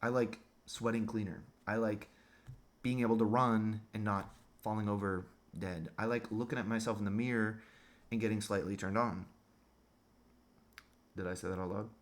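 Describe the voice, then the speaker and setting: A man's voice: on the low side, fairly even intonation, normal speed, long pauses. A man delivering a crude, sarcastic monologue rant as a vlogger.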